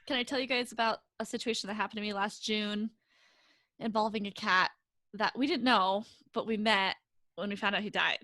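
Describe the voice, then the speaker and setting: A young woman co-hosting a podcast over a video call, telling stories in an animated way and jumping up high when she acts out quotes. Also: fairly quick, no echo. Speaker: podcast co-host. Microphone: video call mic.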